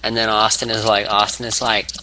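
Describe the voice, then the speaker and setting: A man's voice: lowish voice, level tone, fairly quick, sharp tone, slight background noise. A man rambling casually through a story, full of fillers and restarts. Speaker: wrestling fan.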